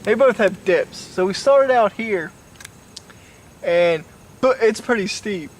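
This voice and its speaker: A man's voice: high voice, animated, slow pace. A drunk young man rambling through a story, swearing and pointing out places to the camera. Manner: rambling, profane, tipsy. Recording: distant mic, faint noise.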